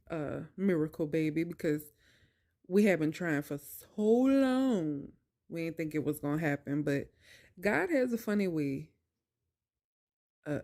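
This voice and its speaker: A woman talks straight to her viewers, recounting her own experiences at a slow, deliberate pace. She presses her points hard, almost like preaching, then drifts into softer, hesitant stretches full of ums. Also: sits low. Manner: emphatic, preachy, addresses viewers directly. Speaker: vlogger telling her own story. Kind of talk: personal storytelling to camera.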